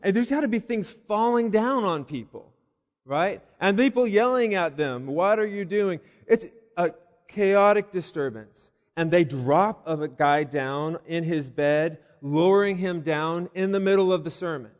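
Male pastor, high voice, storytelling sermon with acted asides, long hall reverb. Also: a little slow. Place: church building.

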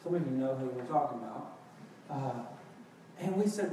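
A man's voice: high voice, expressive, measured pace, a little mellow, a little hiss or hum. A man preaching a sermon as pastor, building to emphatic, impassioned outbursts. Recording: echoey hall, picked up from a distance.

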